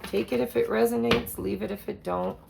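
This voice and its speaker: A woman doing a casual tarot reading, slow and relaxed, with soft laughs and trailing pauses. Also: on the high side, vocal fry, noisy background. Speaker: tarot reader.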